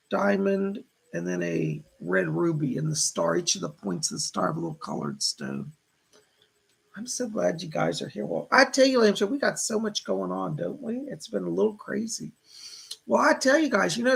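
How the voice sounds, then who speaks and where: A man's voice: high voice, vocal fry, breathy edge. A man hosting a casual livestream as a psychic, chatting to viewers and greeting names from the chat.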